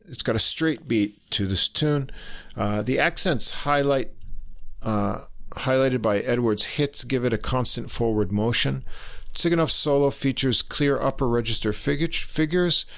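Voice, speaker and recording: Gravelly man reviewing a jazz album. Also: mid-range voice, a bit bright. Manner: halting, many "uh" fillers, frequent chuckles. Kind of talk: casual spoken album review.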